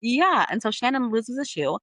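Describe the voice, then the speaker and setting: A woman's voice: on the high side, big pitch swings, crowd noise. A woman co-hosting a podcast, recapping the plot in a casual way with many fillers. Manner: quick recap with many fillers like "like" and "you know". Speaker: podcast co-host.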